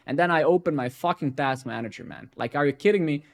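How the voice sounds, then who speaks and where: A man's voice: on the high side, fast talker, gravelly, hardly any pauses. Swearing man ranting while he codes. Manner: profane, ranting, keeps tagging "right?" and "man"; drops into quiet muttering while debugging. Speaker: live coding streamer. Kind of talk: casual live-stream rant while coding.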